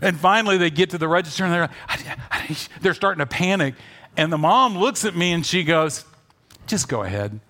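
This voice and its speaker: A man pastor preaching a sermon, telling a story with animated swings between loud urging and quiet asides. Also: high-pitched, fairly quick.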